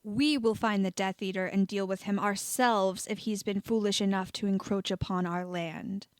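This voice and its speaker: A woman's voice: mid-range voice, fairly even intonation, moderate pace, smooth, no echo, lightly acted. A woman reading the part of a proud male centaur leader who speaks in a formal, grave way.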